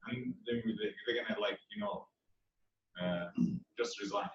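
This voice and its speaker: A man's voice: fairly low pitch, big pitch swings, moderate pace, a bit bright. A man in the audience speaks up hesitantly, feeling for his words. His voice comes from far off the mic, and the room around him echoes. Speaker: workshop participant. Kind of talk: question from the audience. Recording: distant voice in an echoey room, dull sound.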